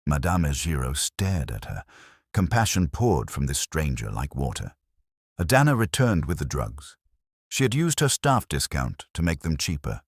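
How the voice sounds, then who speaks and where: A man narrates a folktale from a script, in a dramatic and expressive way. His voice is extremely deep and husky. The recording is dry and close, with no room sound. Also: moderate pace, no echo. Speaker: storyteller.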